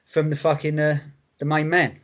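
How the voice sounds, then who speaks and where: A man's voice: fairly high pitch, moderate pace. Laid-back man rambling casually. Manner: relaxed, rambling, swears casually. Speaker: podcast co-host. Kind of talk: casual chat about music.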